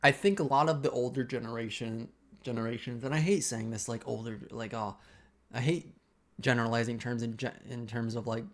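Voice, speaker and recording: A young man vlogging a casual personal rant, halting and rambling as he keeps restarting his sentences. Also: medium pitch, fairly even intonation.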